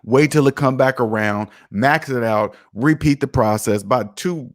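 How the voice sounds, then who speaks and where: A man hosts a casual personal finance livestream. He talks emphatically and a little preachy, and reads out viewer comments as he goes. His voice sits in an ordinary middle pitch. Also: normal speed. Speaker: finance channel host.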